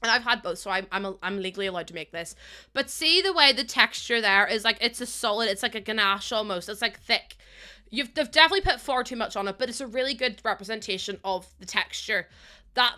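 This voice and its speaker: A woman's voice: on the high side, a little fast, sharp tone. A young woman live-streaming, chatting casually with her chat, giggling often and greeting viewers as she talks.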